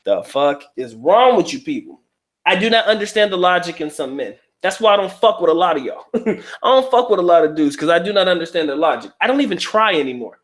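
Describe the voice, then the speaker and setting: A man's voice: sits high, sing-song, fairly quick. Blunt, profane man host chatting live. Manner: profane, blunt, laughing, street slang. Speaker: livestream host reading viewer comments. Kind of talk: casual livestream chat.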